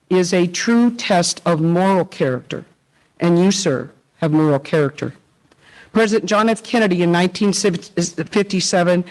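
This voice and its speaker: A woman's voice: on the low side, poor audio. A woman teacher giving an earnest tribute speech at a public meeting, emotional and close to tears, quoting poets and leaders.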